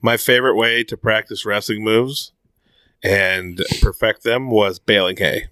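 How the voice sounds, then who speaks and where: A man in casual chat, quick to chuckle and react. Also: on the low side, steady tone, pushed and bright, no echo.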